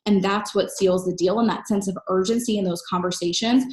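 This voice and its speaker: A woman coaching network marketers in an energetic, emphatic solo talk, recorded at home in her kitchen. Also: mid-range voice, echoey room. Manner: energetic, emphatic, fast-talking.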